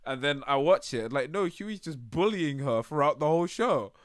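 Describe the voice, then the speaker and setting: A man hosting a casual stream chat, animated and laughing often, his voice jumping up when amused. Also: a little high, moderate pace, no room sound, clean studio sound. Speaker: streamer host.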